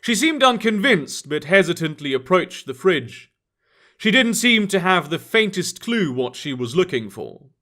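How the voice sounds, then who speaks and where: A man narrating an urban fantasy story in an expressive scripted reading. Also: sits high, unhurried.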